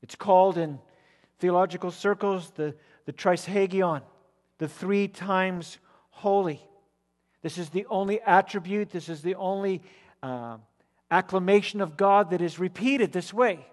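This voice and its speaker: A man preaching an expository sermon, emphatic and rising to loud declamation when he repeats words. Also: sits high, a little slow. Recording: long reverb of a large hall.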